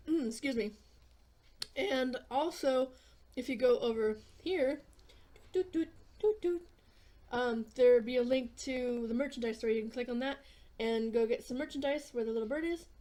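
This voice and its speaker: A woman with a fairly high voice, chatting through an eating vlog. She rambles and talks offhand, with plenty of fillers and some casual swearing. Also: moderate pace, dark tone. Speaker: vlogger.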